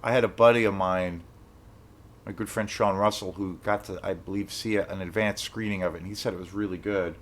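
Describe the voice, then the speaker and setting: Rambling, low-voiced man telling a story. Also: fairly quick, a little hiss or hum. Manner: rambling, animated, swears when excited. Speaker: film vlogger. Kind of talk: casual storytelling.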